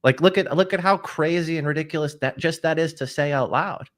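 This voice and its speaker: A man's voice: a little high, fairly quick. A man co-hosting a live stream, talking earnestly, often repeating words and restarting sentences. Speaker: co-host.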